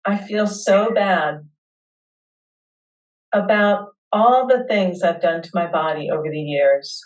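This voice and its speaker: Woman, guided tapping session, unhurried affirmations, a little distant from the mic. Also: on the low side. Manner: slow, soothing guidance with spoken affirmations. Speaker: webinar host leading tapping practice.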